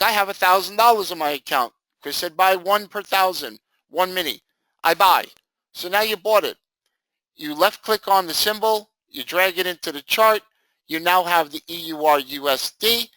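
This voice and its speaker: An upbeat man runs a live trading lesson in a high, bright voice. He talks loosely and jokes, often acting out what his students might say. The sound is dry and close. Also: moderate pace, no echo, low-quality recording. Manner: animated, jokey, acts out students' reactions. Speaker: trading instructor. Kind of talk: live screen-share training session.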